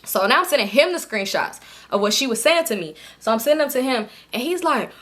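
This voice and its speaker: Bright-voiced young woman telling a story. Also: a little high, fast. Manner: animated, profanity-laden storytelling to viewers. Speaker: vlogger. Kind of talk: storytime vlog.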